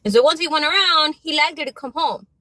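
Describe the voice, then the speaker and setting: A woman's voice: high-pitched, fast, sharp tone, dry recording, rough recording. A young mother telling a story in a chatty, exasperated, casual rant. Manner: chatty, exasperated, with quoted asides. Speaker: vlogger and mother.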